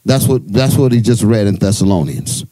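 A man's voice: on the low side, expressive, normal speed, mellow, no room sound. A man leading a bible study, stopping readers and quizzing the group. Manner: quizzing, commanding. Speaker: church leader.

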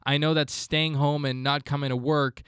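A man's voice: fairly high pitch, little pitch movement, moderate pace, a bit bright, clear, resonant tone, no room sound, clean studio sound. A man in his twenties hosting a solo podcast, talking in a fired-up, motivational ranting way. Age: 20s. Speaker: podcast host.

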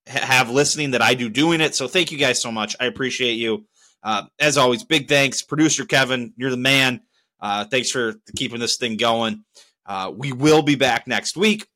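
Man, young adult, solo podcast host, casual, profane, rambling, lively pitch, bright tone.

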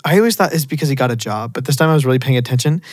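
A podcast co-host in a casual movie review chat, excitedly acting out lines from the film and laughing often. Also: medium pitch, rapid-fire, no echo, studio quality. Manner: animated, acts out movie quotes, laughs often.

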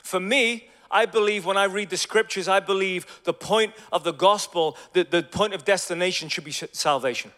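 Lively preacher in a big echoing hall. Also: male voice, high voice, moderate pace, hardly any pauses. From Ireland. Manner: energetic, conversational, swings from loud to hushed. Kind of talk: sermon with storytelling. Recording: long hall reverb.

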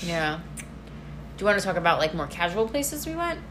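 A woman with a low voice for her sex co-hosts a podcast in lively, chatty talk. She gets excited easily and leans heavily on "like" between phrases. A faint hiss runs under the recording. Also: a little fast. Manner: chatty and excitable, heavy use of "like". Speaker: podcast co-host. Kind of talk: casual chat.

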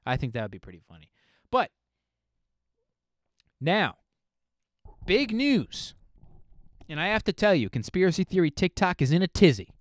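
A man's voice: sits high, big pitch swings, moderate pace, pauses often, dry recording, clean studio sound. A man hosting a solo podcast, rambling casually with lots of swearing and fillers. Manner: rambling, profane, filler-heavy. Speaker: podcast host.

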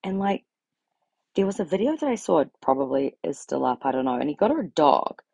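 Ranting straight to camera, a young adult woman vlogger delivers a sweary, blunt, exasperated casual monologue. Her low, gravelly, husky voice has a darkish tone and comes fairly quickly and very animatedly, with no room sound.

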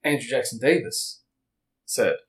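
A man with an expressive mid-range voice hosts a casual, wandering podcast, reading passages out loud before stopping to chat and joke. He does quick impressions for quotes, recorded roughly.

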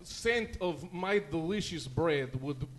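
A man's voice: on the high side, animated, takes it slowly, a little hiss or hum. A man playing a clumsy team baker who drops articles and speaks in formal, stilted phrases. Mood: earnest.

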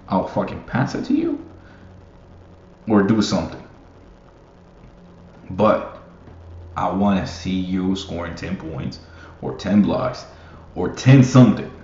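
A young man with a very low voice, talking slowly and swearing freely as he rambles. He laughs often between thoughts. The recording sounds roomy and a little muffled. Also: a little mellow. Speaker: basketball fan. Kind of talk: casual solo commentary. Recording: roomy, muffled, faint hiss.

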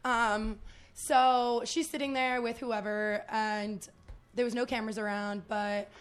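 Podcast guest: a woman, higher-pitched, swears a lot while telling a story. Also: steady tone, unhurried, smooth. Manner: swears freely, storytelling with laughs. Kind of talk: casual chat.

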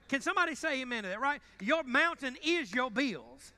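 A male pastor with a twang delivers a sermon in a church. He has a high, bright voice. He jokes with the congregation, then jumps from loud bursts to quiet asides. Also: lively intonation, normal speed. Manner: joking and conversational, swinging between loud bursts and quiet asides. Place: church sanctuary.

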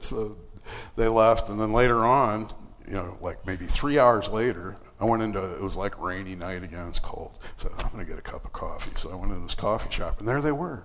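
A lowish-voiced man speaks fairly quickly in a large hall, with a slight hiss or hum on the recording. Preaching in church, he relates a personal story casually, using fillers and animated voices for the people involved.

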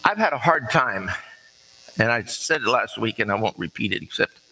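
A man's voice: lowish voice, expressive, normal speed, pushed and bright, low-quality recording. A man preaching an earnest, conversational sermon with folksy asides.

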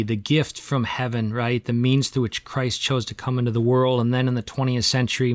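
A man's voice: mid-range voice, no echo, clean studio sound. A man hosting a podcast interview, earnest and long-winded, framing ideas in religious terms. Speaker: host.

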